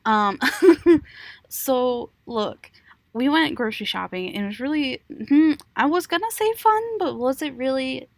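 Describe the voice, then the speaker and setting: A woman's voice: high-pitched, expressive, a little slow, vocal fry, no room sound. Giggly, rambling young woman podcaster. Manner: rambling, giggly, swears freely. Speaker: podcast co-host. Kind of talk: casual chat.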